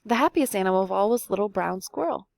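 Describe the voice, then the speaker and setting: A woman's voice: medium pitch, expressive, fast, vocal fry, darkish tone, no room sound. A young woman teacher reading a folk tale aloud expressively and stopping to ask the listeners questions. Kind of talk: read-aloud storytelling lesson.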